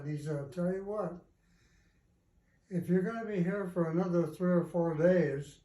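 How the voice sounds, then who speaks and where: An older man telling a family story in an unhurried, folksy way over a video call, pausing often with "uh". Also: fairly high pitch, warm tone. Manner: unhurried, folksy, with many "uh" pauses. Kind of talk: casual storytelling. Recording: echoey room on a video call.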